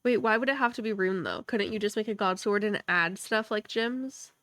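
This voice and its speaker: A woman co-hosting a casual gaming podcast, chatty and slightly nasal, reacting quickly to her co-host. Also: mid-range voice, a bit bright, no echo. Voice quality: a bit nasal.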